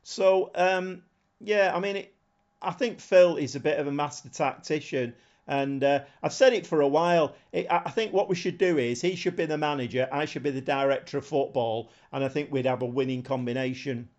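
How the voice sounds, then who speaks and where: A man's voice: fairly high pitch, fairly quick, a little mellow. Chatty man on a lo-fi stream. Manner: chatty and rambling, thinks aloud, chuckles often. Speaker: game streamer. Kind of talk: casual live-stream chat.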